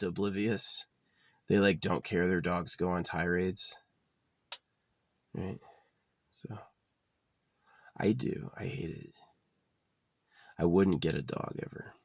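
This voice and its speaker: In a dry recording made at his outdoor camp spot, a man with a low, gravelly, husky voice rambles and curses casually. At times his voice drops almost to a whisper.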